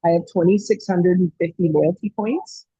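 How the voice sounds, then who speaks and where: A woman's voice: lowish voice, moderate pace, mellow, husky, no room sound. A woman calling in to a video chat from Canada, speaking in an eager, rambling way with many fillers. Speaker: caller on a video call. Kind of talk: casual chat. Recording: dull, lo-fi call audio.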